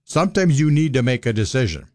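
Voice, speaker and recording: A man's voice: mid-range voice, sing-song, fast, mellow, no room sound, clean studio sound. A man in his sixties with a Minnesota accent, a financial advisor talking plainly and bluntly on a radio show. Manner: folksy, blunt, plain-spoken. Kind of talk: casual radio talk.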